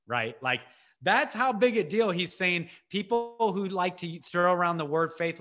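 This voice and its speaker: A young man preaching an animated sermon over a video call, exclaiming often and dropping quick "right?" asides. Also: high voice.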